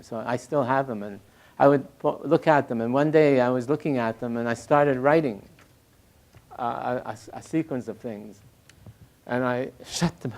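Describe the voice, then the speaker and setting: An older man speaking as a poet and critic in an interview, reflective and halting, with frequent restarts and soft laughs. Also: mid-range voice.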